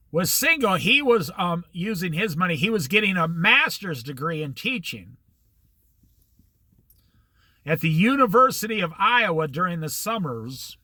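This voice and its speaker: An older man spins a rambling story from his past, acting out both sides of old conversations as he goes. His pitch sits high for a man and swings widely from phrase to phrase. The tone is very bright and ringing, and the dry, close sound has no room echo at all. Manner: rambling anecdotal storyteller, quotes people in conversation. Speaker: host. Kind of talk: casual storytelling monologue.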